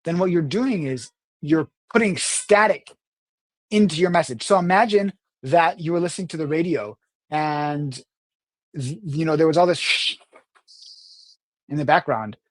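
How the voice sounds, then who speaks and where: A man gives an unscripted online lesson on public speaking. He explains earnestly in a slightly high voice and slows right down on the words he stresses. He restarts and corrects himself as he goes, recorded close up with a dry sound. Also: no room sound.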